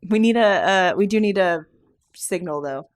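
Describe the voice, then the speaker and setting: A woman at a tabletop game lays out the team's plans in a quick, casual way, often laughing. Her voice is mid-pitched and recorded dry and close, with no room sound. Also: a little mellow, dry recording. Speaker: player. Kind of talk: casual tabletop role-play.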